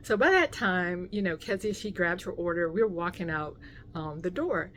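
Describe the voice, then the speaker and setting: Animated woman telling a story. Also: lowish voice, moderate pace, slight background noise. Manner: animated storyteller, many fillers, acts out quotes. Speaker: vlogger. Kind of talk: casual story time vlog.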